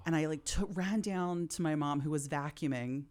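A woman's voice: deep voice, normal speed, darkish tone. A woman in her forties, a podcast guest, telling personal childhood stories in a heartfelt, reflective way. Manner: heartfelt, reflective, openly emotional at times. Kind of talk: candid interview storytelling.

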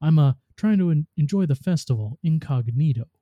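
Grumpy snarling male ghost read by a man, dark mellow tone, dry sound. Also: fairly high pitch, expressive, fairly quick, no room sound, natural voice. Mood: grumbling. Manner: snarling, curt. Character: grumpy scheming male ghost robot, sneering.

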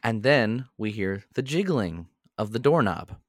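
A young man and podcast co-host telling a story in a casual, animated way. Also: a little slow, no room sound. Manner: animated storyteller, jumps into high voices when quoting.

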